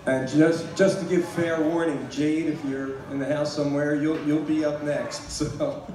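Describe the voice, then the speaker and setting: A man announcing the next singer at a concert in a loud, jovial manner. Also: fairly high pitch, little pitch movement, unhurried. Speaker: concert emcee. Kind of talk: stage announcement. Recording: echoey hall from far off, crowd.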